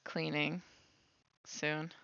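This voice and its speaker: A woman chats casually on a baking livestream, thinking aloud as she works. Her voice is bright and crisp, with some vocal fry. The recording is dry and a little dull, with a lo-fi sound. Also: sits low, level tone, drawn-out words, dry recording. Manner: chatty, thinks aloud while cooking. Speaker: streamer.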